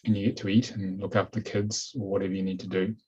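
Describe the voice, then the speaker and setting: A man with a New Zealand accent hosting a webinar over a video call, chatty and relaxed. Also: low voice, fast, husky. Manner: relaxed, chatty, says "okay" a lot. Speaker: webinar host. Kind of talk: casual webinar talk. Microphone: computer mic on a video call. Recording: dull lo-fi video call audio.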